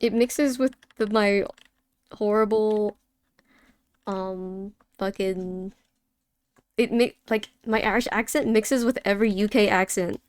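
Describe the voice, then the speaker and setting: A woman's voice: medium pitch, fairly even intonation, slow, pauses often, smooth. A young woman casually chatting while drawing live, laughing and swearing offhandedly as she answers chat. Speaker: art streamer.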